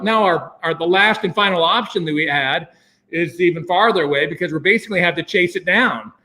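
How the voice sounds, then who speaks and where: A man telling a long personal story as an interview guest, animated and full of fillers and chuckles. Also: sits high. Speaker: guest, venture capitalist. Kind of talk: casual anecdote telling.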